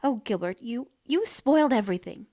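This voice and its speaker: A woman voicing an emotional young woman who pleads and rushes, her voice lifting high. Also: expressive, dry recording, clean studio sound, lightly acted. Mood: pleading. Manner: rapturous, pleading, then distressed.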